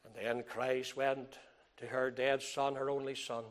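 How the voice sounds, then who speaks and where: Preaching in archaic, scripture-style wording, this man alternates booming emphasis with near-whispers and leans on repetition to drive points home. He speaks unhurriedly in a mid-range voice that barely changes pitch.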